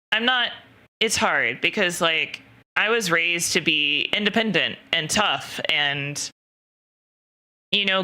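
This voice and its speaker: A woman's voice: on the low side, bright, forceful tone. A woman streamer chatting casually and frankly with her viewers, rambling with plenty of fillers and the odd swear.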